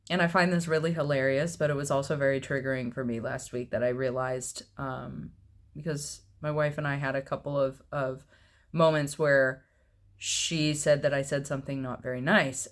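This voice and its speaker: A man in his thirties, chatting casually to camera in a personal vlog, with a low, mellow voice, laughing often at himself. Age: 30s. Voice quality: low, mellow voice with little fluctuation. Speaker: vlogger.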